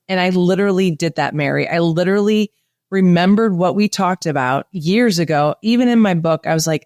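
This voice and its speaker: A woman's voice: on the low side, moderate pace, a little mellow, no room sound, studio quality. Enthusiastic woman podcast host. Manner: enthusiastic, storytelling. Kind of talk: casual podcast chat.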